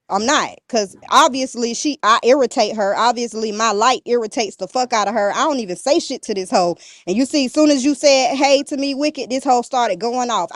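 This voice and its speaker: A woman's voice: fairly high pitch, no echo, clean studio sound. A woman guest on a podcast, ranting bluntly and defiantly, cursing and throwing insults nonstop. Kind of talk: heated rant in an interview.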